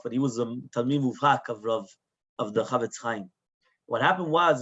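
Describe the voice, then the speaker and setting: A man, a rabbi, telling a lesson story in English with Hebrew terms, acting out the people in it and asking his listeners "right?" again and again. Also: medium pitch. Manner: animated storyteller, acts out the people in his tale; mixes Hebrew terms into English, with frequent tag questions. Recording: dull, lo-fi recording.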